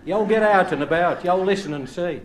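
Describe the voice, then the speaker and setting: Black Country comedian, slightly high voice. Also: male voice, moderate pace. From Black Country, England. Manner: rhyming dialect recitation; chatty storytelling. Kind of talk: stand-up recitation and anecdote.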